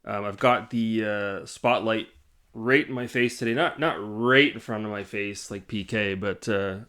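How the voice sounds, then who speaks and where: A man's voice: fairly low pitch, a little slow, pushed and bright, smooth. A man hosting his own gaming channel, talking on camera in a casual, rambling, blunt way, swearing and laughing at himself. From Canada. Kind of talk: casual vlog chat. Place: indoors, side-lit room.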